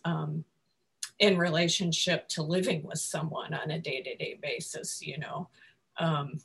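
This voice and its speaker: Slow, hesitant woman telling a story. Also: low-pitched, creaky, fairly bright tone. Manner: hesitant, many fillers and restarts, laughs between phrases. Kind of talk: personal story in a group discussion.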